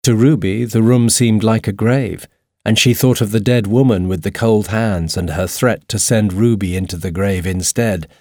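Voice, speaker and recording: A man narrating a storybook in a steady, even reading voice. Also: on the low side, normal speed, no echo, clean studio sound.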